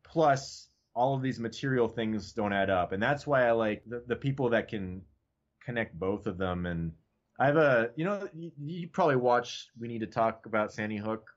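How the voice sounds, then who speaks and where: A man's voice: mid-range voice, animated, normal speed, highs cut off. A man in casual podcast chat as a guest, talking loosely and profanely and leaning on "like" and "you know what I mean.".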